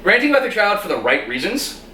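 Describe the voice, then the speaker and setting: A man's voice: high-pitched, quick pace, slight background noise. A man chatting casually as co-host, animatedly recapping a TV episode. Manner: animated, retells scenes in quoted voices. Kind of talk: casual chat. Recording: roomy echo, distant mic.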